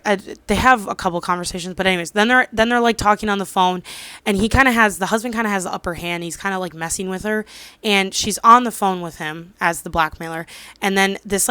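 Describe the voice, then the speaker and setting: A woman's voice: medium pitch, pushed and bright, smooth, dry recording. A woman in her twenties casually recapping a drama, rambling with lots of fillers and losing track of details. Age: 20s. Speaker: drama reviewer.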